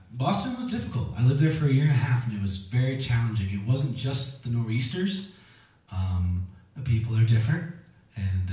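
A singer-songwriter telling a rambling, self-mocking story between songs at a house concert. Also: male voice, mid-range voice, a little mellow. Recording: echoey room, distant mic.

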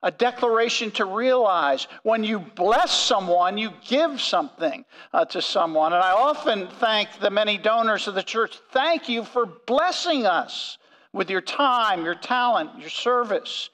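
A male pastor preaching a sermon, earnest and emphatic, slowing down to stress key phrases. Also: sits high, lively intonation, fairly bright tone, big-room sound, low-quality recording. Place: church sanctuary.

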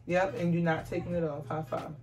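A woman's voice: on the low side, level tone, a little fast, a little mellow. A young woman and mother talking casually to her viewers in a family vlog, chatty and coaxing her child along. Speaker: vlogger and mother.

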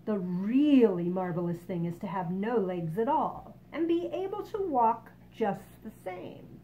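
A woman's voice: medium pitch, expressive, measured pace, dark tone, muffled recording, slight background noise, lightly acted. A woman voicing a complaining, indignant male earthworm in a storybook read-aloud. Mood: lofty. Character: grumbling blind male earthworm.

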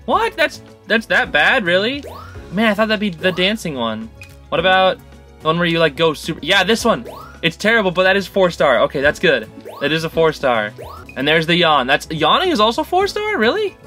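A man giving let's-play commentary on a game he is playing, excitable and chatty, coaxing the creatures on screen. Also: high-pitched, normal speed, soft background music. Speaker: gaming channel host.

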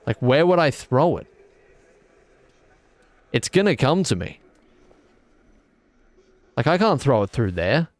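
This young man is very animated on his game stream yet takes it slowly, with long pauses, joking and rambling as he replies to chat. His pitch is medium. The recording has no echo.

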